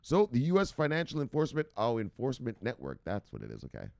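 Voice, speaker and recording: A man's voice: mid-range voice, huge pitch swings, quick pace, vocal fry, a little mellow, no room sound, clean studio sound. A man hosting a crypto news show in casual, profane commentary, joking and chuckling as he reads and explains stories.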